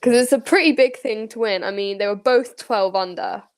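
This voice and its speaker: A woman's voice: medium pitch, moderate pace. A woman co-hosting a golf podcast, talking casually with many fillers. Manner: conversational, fillers, likes. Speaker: podcast co-host. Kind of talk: casual golf news chat.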